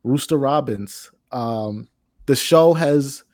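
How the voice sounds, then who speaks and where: Calm, laid-back male podcast co-host, mid pitch, dry studio sound. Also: slow, no room sound. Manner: calm, even-tempered, laid-back delivery. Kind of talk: casual wrestling podcast chat.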